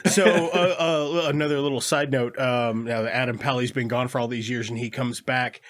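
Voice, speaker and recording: A man's voice: mid-range voice, fairly even intonation, a little fast, fairly bright tone. Casual, profane man reviewing movies. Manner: loose, profane, laughing retellings of scenes. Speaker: podcast co-host.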